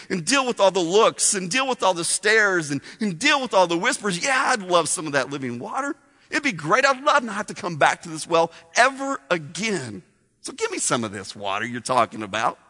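A man's voice: high voice, sing-song, normal speed, bright, forceful tone, full character voice. A man voicing a hardened, sarcastic woman who mocks a stranger, speaking in a reverberant hall. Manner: mocking, tough, sarcastic. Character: sarcastic hardened woman, smart-aleck villager.

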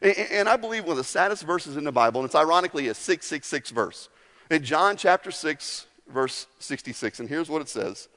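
A man preaching to his congregation sounds fairly high, bright and forceful, talking a little fast. He is a pastor with a casual, conversational delivery who acts out small asides, recorded in a large church hall with long reverb.

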